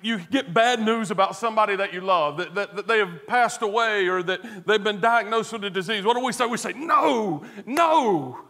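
A man delivers a sermon in a fairly high voice for a man. He is earnest, dropping to hushed tones and rising to emphatic stress. He leans on rhetorical questions and repeats words to drive a point home. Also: fairly quick, hardly any pauses. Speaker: pastor.

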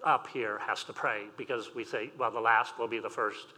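A man's voice: fairly low pitch, steady tone, normal speed, bright, forceful tone. An older man preaching a sermon as pastor, reading scripture and telling personal stories with light humor. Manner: reads scripture aloud then tells personal stories with humor. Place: church sanctuary. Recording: long reverb in a large hall.

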